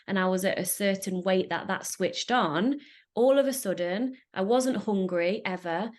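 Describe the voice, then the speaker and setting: A woman host telling a personal story in an earnest, emotional way. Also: mid-range voice. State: getting emotional. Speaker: podcast host.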